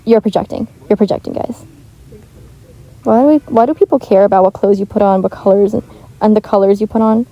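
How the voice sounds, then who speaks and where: Recorded on a modest home microphone that leaves the audio muffled, this teenage gaming vlogger talks fast in a warm, medium-pitched voice. She is chatty and rambling, restarting often and leaning heavily on "like."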